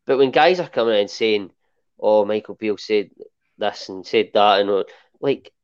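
A Scottish man chatting on a football podcast in a lively, joking way. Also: on the low side, normal speed, clear, resonant tone. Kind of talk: casual chat. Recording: dull lo-fi audio.

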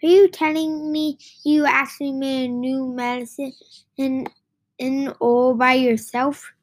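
A woman reading aloud, voicing a bossy, boastful old grandmother who shouts and scoffs. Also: high voice, little pitch movement, measured pace. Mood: suspicious. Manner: shouting, scornful.

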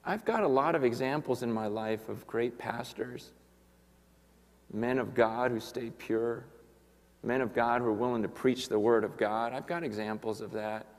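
A man, a pastor, preaching a sermon and telling a story in quoted voices, swinging from hushed to loud. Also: medium pitch, moderate pace. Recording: long hall reverb.

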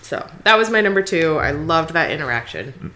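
A woman in casual movie-review chat, animated and quick to act out the lines she quotes. Her voice sits slightly low, and the room gives it a noticeable echo. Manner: animated, acts out quoted lines, laughs often. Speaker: podcast co-host.

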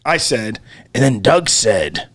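Animated swearing man, lively pitch. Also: slow. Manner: animated, swears freely, laughs often. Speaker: podcast co-host. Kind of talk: casual storytelling banter.

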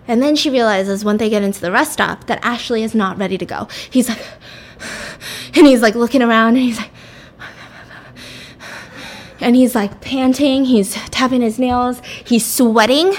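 A woman casually telling a made-up thriller story, animated and chatty, full of "like"s. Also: a little high, normal speed. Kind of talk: casual spoken fiction storytelling.

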